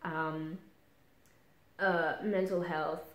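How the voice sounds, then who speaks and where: Australian woman vlogger in her twenties, lowish voice, candid and halting, echoey room. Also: fairly even intonation, muffled recording. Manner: halting and frank, many ums, casual swearing. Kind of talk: candid personal vlog. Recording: roomy echo.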